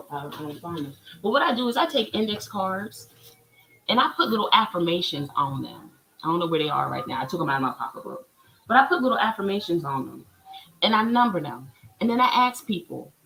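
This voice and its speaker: A woman's voice: mid-range voice, fairly bright tone, slight background noise, rough recording. A woman, a spiritual healer, talking casually on a live stream as she reads oracle cards and gives chatty, preachy encouragement.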